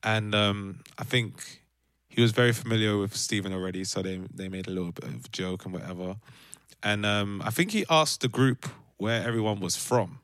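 A man, a podcast co-host telling a lively story in casual chat and acting out other people's voices. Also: on the low side, normal speed, clear, resonant tone, no room sound, clean studio sound. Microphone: remote call from home.

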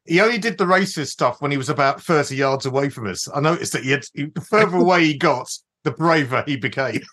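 A man's voice: on the high side, lively intonation, fast talker, a bit bright. A man co-hosting a comedy podcast, making dry remarks in casual chat while he is losing his voice. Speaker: podcast co-host.

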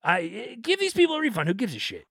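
A man co-hosting a casual comedy podcast, animated and joking, swearing freely as he riffs on news stories. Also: high-pitched, quick pace, vocal fry, breathy edge, dry recording, clean studio sound. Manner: animated, swears freely, slips into silly accents for bits. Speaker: podcast co-host.

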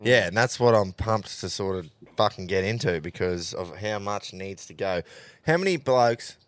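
A man's voice: on the low side, expressive, normal speed, no echo. A man with an Australian accent hosting a podcast, asking his guest blunt questions in casual, sweary talk. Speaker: podcast host. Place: studio.

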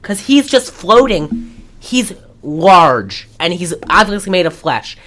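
Animated woman recapping a movie. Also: on the low side, slow. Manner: animated, acts out quoted lines while recapping. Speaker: podcast co-host. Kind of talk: casual movie recap chat.

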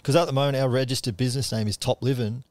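A man's voice: mid-range voice, fairly even intonation, very fast, a little mellow, no echo, studio quality. A man, a guest on a podcast, talking in a casual, earnest and plain-spoken way. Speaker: podcast guest, charity co-founder. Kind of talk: casual chat.

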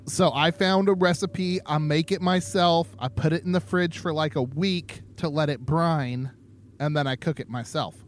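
A man's voice: a little high, steady tone, moderate pace. A tipsy man co-hosting a podcast, rambling in casual chat and laughing often. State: tipsy from drinking. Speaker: podcast co-host.

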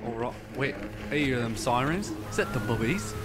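A man's voice: medium pitch, animated, normal speed, music in the background, lightly acted. A man doing a goofy British bloke. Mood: worried. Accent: put-on British. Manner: goofy, dopey. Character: dim British man on a boat tour.

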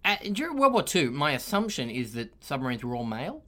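Cheeky man, animated pitch. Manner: cheeky and crude, quick interjections. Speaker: podcast co-host. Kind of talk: casual podcast chat.

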